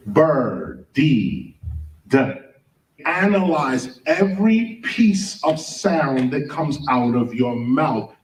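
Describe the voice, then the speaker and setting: Animated man lecturing in an echoey hall. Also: medium pitch. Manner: animated, questioning, spells out words letter by letter. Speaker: speaker. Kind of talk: lecture to an audience. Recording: roomy, from a distance.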